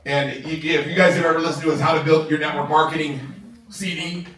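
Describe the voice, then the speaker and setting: A man giving an energetic, excitable motivational training talk to a live audience in a large room, laughing often and asking "right?" a lot. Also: fairly high pitch, fast talker. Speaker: sales trainer. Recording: echoey room, voice from far off.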